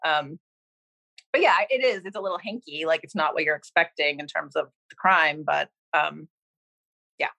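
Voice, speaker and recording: A woman from Cambridge, Massachusetts, who created a TV series, chats loosely in a casual interview, rambling and filling her speech with "like" and "um." Her voice is low, gravelly and sharp in tone, at a moderate pace, and the audio is poor.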